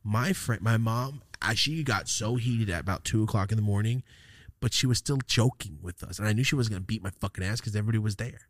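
A man's voice: on the low side, fast talker. Rambling, cursing man telling stories. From California. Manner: rambling, profane, animated. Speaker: podcast host. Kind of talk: casual storytelling.

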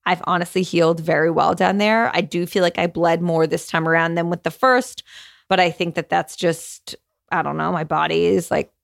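A young woman hosting her own podcast, chatting candidly and casually, swearing freely and saying "like" a lot, with a gravelly fry in her voice. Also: fairly low pitch. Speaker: podcast host. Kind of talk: casual solo podcast chat.

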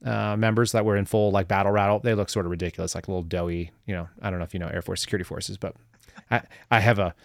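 A man's voice: deep voice, fairly even intonation, very fast, vocal fry, no room sound, clean studio sound. A man, a former government analyst, telling a story as a guest in a casual interview, rambling and wry with lots of fillers.

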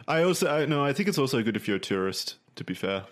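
A man's voice: medium pitch, sing-song, fast. Man co-host who stumbles through his points in casual podcast talk. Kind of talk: casual chat.

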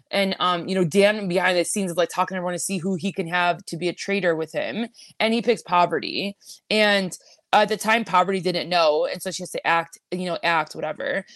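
A woman co-hosting a podcast, rambling casually with lots of fillers and quick asides. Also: medium pitch, dry recording, clean studio sound. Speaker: podcast co-host. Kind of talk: casual recap chat.

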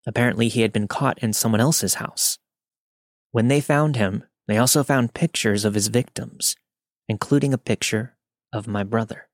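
A man's voice: mid-range voice, moderate pace, no room sound. Man narrating a creepy story, dry. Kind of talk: scripted horror story narration.

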